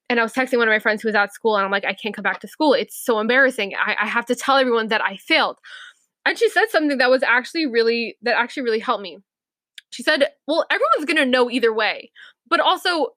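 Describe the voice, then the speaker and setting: A young woman co-hosting a podcast, telling a story in a casual, animated way, acting out quotes and laughing often. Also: fairly high pitch, dry recording. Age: young adult. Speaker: podcast co-host.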